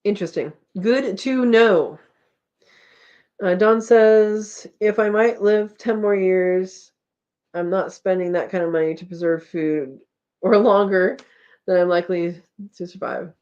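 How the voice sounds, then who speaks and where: A woman's voice: medium pitch, measured pace, darkish tone, dull audio. A woman hosting a homesteading live chat, casually reading viewer comments aloud and rambling with frequent laughs.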